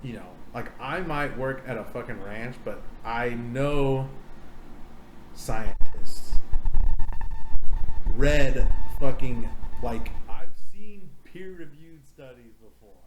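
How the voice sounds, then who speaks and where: A man's voice: medium pitch, slow pace. A man hosting a podcast in casual chat, ranting with lots of swearing. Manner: profane, animated ranting. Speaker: podcast host. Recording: echoey room with faint hiss.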